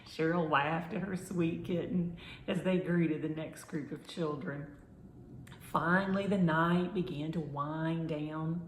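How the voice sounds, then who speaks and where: Slow, gentle woman reading a storybook. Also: low-pitched, steady tone, slight background noise. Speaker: children's storyteller. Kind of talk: reading a children's story aloud. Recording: roomy echo.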